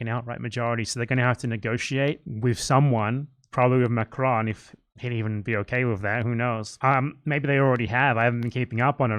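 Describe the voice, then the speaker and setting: A man riffing sarcastically on a livestream, swearing freely and wandering between thoughts. His voice sits at a middling pitch and sounds dry and close, with no room around it. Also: no room sound. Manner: sarcastic, profane, rambling. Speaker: livestream commentator. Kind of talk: casual livestream rant.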